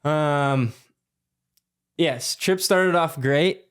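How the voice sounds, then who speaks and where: A young man in his twenties, a podcast guest telling a story in a loose, animated way with lots of fillers and swearing. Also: on the high side, extremely slow, smooth. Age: 20s. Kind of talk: casual storytelling.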